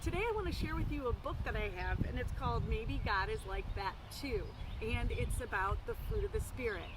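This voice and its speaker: A woman teaching Sunday school, reading a picture book aloud in a friendly, clear storytelling manner, over loud background noise. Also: a little high, fairly quick.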